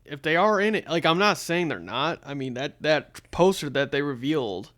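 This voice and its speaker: A man's voice: on the high side, animated, normal speed, fairly bright tone. A young man co-hosting a casual podcast, rambling with lots of fillers and restarts. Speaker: podcast co-host. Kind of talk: casual chat.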